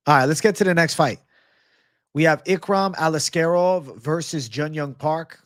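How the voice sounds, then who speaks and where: A man's voice: on the high side, moderate pace, dry recording, studio quality. A man hosting a live stream with betting picks, talking casually with lots of swearing and hype, reacting to the chat. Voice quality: profane, hyped, chatty, reacts aloud to live chat. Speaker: livestream host giving betting picks.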